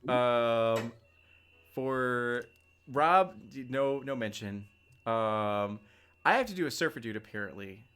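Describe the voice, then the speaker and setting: A man running a tabletop game on a livestream, chatty and quick to laugh. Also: medium pitch, fairly bright tone, clear, resonant tone. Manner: laughing often, loose and chatty. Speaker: game master.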